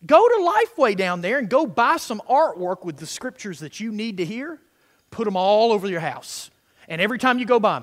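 A middle-aged man preaching a sermon, swinging between soft, murmured prayer lines and loud, emphatic declarations. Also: sits high, sing-song, a little fast. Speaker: pastor. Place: church sanctuary. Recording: long hall reverb.

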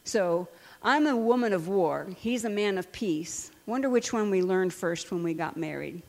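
A woman's voice: medium pitch, normal speed, creaky. Older woman preaching in a reverberant hall. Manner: animated storytelling, laughs often. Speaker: Christian speaker and counselor. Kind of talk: sermon with personal stories.

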